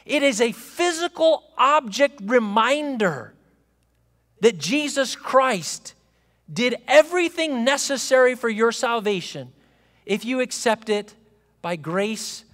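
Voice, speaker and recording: A man's voice: very high-pitched, animated, takes it slowly, fairly bright tone. A male pastor preaching a sermon in a conversational way, often checking in with his congregation, and building to emphatic proclamation. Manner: conversational preaching with frequent "okay?" check-ins. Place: church sanctuary. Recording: long reverb of a church hall.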